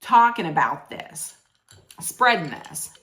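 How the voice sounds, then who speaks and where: Bright lively woman vlogger, chatty and blunt, swears a lot, fixes her own slips. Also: fairly low pitch, slow, a little hiss or hum. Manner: chatty, blunt, swears freely, corrects herself often. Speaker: reality TV recap vlogger. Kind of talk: casual chat recap.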